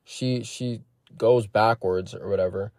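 A man telling a personal story in a casual, profane vlog, animated and acting out what people said. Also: lowish voice, measured pace, gravelly, no echo, studio quality. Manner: profane, animated retelling that acts out quoted lines. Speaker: vlogger.

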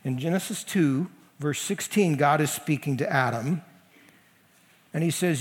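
A man's voice: on the high side, expressive, unhurried, big-room sound. A man preaching a sermon as senior pastor, talking to the congregation in a conversational and emphatic way. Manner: conversational, emphatic, leans into quoted voices.

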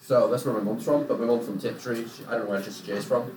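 Brief: young English podcast co-host, home-counties accent, jokey, a little distant from the mic, echoey room. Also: male voice, mid-range voice, steady tone, fast, darkish tone, a little hiss or hum. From England. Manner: chatty, jokey. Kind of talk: casual chat. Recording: roomy echo, mic from a distance.

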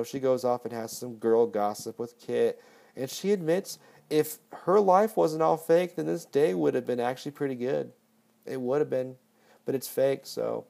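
A man hosts a loose, rambling movie recap and drops swear words freely. His voice sits at a middling pitch for a man. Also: gravelly, warm tone. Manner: profane, rambling. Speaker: podcast host.

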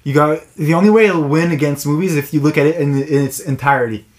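A man's voice: a little high, fast. A man co-hosting a casual film podcast, eager and full of fillers. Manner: enthusiastic, filler-heavy. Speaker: podcast co-host.

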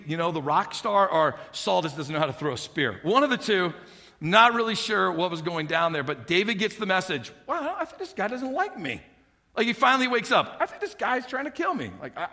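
A man with a high-pitched, pushed, bright voice preaches a sermon, retelling a story humorously and acting out the characters' lines in different voices. The recording carries long hall reverb.

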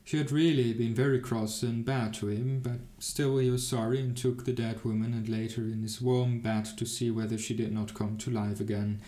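A man's voice: medium pitch, steady tone, normal speed, few pauses, dark tone. A man reading a fairy tale aloud, narrating plainly and lifting his voice for the characters' cries. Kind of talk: storybook reading. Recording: echoey room.

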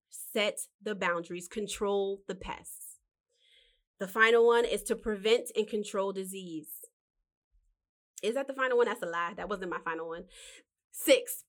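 A woman hosting a casual motivational talk. She gives life advice in a lively, preachy way, asks one rhetorical question after another, and calls the listener honey. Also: medium pitch. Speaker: podcast host giving life advice.

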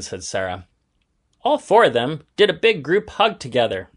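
A man narrating a children's story aloud in a gentle, even storytelling manner. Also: on the high side, moderate pace.

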